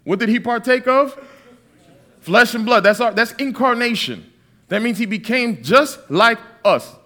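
A man's voice: very high voice, animated, a little slow, pushed and bright. A man in his thirties from Massachusetts preaching a sermon, mixing Bible readings with joking stories. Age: 30s.

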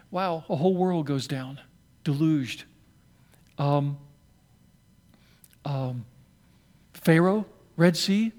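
A male pastor with a fairly high voice, preaching a sermon. He tells the story in an animated way and keeps turning to the congregation with questions.

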